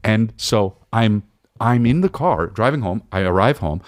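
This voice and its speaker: A man in his forties with a low voice tells a rambling comic story on his podcast. His delivery rises and falls widely as he acts out the quotes in his tale, stumbling and restarting often as he goes. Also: lively intonation, a little slow, dry recording, clean studio sound. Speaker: comedian podcast host.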